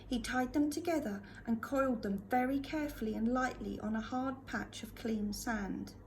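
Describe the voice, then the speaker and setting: A woman reading a storybook aloud to a school class with expressive delivery. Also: a little high, moderate pace, a little hiss or hum.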